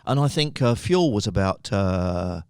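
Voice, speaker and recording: A man's voice: fairly low pitch, expressive, unhurried, clean tone, no echo, clean studio sound. A man in his sixties from the United Kingdom, a podcast guest telling long, rambling anecdotes with frequent chuckles. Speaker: podcast guest, company founder. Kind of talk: casual storytelling.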